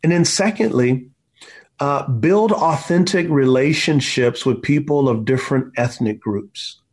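A husky, slightly breathy man in his forties speaks as an interview guest. He tells his stories with a preacher's emphasis and leans on the word "man" again and again. His voice sits at an ordinary middle pitch. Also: a little slow. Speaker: author and guest. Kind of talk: impassioned storytelling in an interview.

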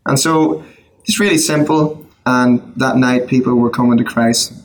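A middle-aged Irish man, a songwriter, telling his personal story in a casual interview, earnest with quick asides and restarts. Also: medium pitch, fairly even intonation, a little hiss or hum, rough recording. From Ireland. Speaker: guest, worship songwriter.

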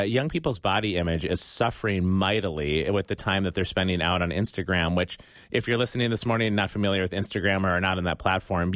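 Casting: American male radio host, lowish voice, dry studio sound. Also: fairly bright tone, no echo. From United States. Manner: reads scripture aloud, chuckles between remarks. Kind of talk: radio talk show hosting.

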